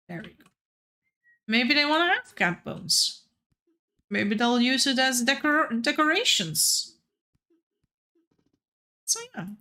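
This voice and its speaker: Bright-voiced woman streaming a game. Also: fairly high pitch. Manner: chatty, playful, talks to players and chat. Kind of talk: casual game stream chat.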